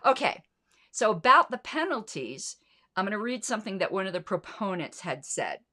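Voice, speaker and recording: A woman's voice: medium pitch, big pitch swings, normal speed, pushed and bright. A middle-aged woman hosting a solo commentary show, talking in an indignant, sarcastic way and swearing freely. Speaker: podcast host.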